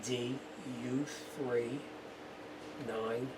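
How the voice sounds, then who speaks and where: Blunt New mechanic in a noisy shop. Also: male voice, medium pitch, fairly even intonation, very slow. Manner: casual, blunt, talks the viewer through each step. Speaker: auto mechanic. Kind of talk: hands-on repair demonstration. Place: auto repair shop.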